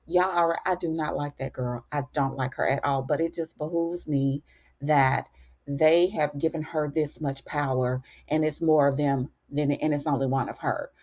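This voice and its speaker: A woman's voice: deep voice, moderate pace. Chatty, slangy woman recapping a TV episode. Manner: chatty and slangy, calls the listener honey; acts out the characters' lines in lively shifting tones. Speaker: TV recap host.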